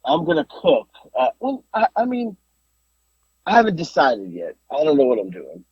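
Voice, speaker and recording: A man's voice: mid-range voice, normal speed, slightly rough, no room sound. A man hosting a podcast in casual chat. He tells stories with lots of energy, rambles, and keeps restarting his sentences, on a dull, dry lo-fi recording. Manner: animated rambling storyteller, frequent restarts. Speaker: podcast host.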